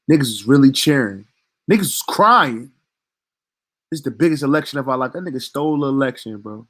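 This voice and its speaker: A man's voice: medium pitch, fairly bright tone. A man delivering a heated commentary rant as a vlogger, talking in a profane, emphatic and indignant way.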